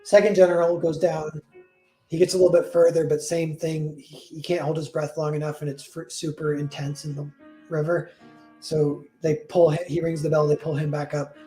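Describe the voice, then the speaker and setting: A storyteller with a slightly high, warm voice retells a fairy tale at a normal pace but with a flat delivery. He rambles casually, filling it with "like" and fixing his own words as he goes, while faint music plays behind him.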